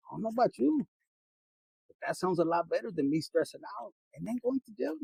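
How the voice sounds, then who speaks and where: Man, tarot reader, lively swooping pitch, raspy, dry close sound, preachy, swears, slangy. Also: fairly quick, no echo, low-quality recording. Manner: blunt, profane, preachy; slangy, mixes in Spanish words. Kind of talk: casual spiritual reading.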